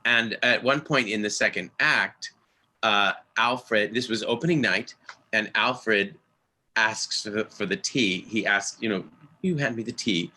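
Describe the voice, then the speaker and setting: Bright-voiced man, earnest and halting, passing on stage advice over a video call; conversational storytelling. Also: lowish voice, breathy edge. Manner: earnest, halting, with many restarts. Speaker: original cast member and director. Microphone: video call microphone.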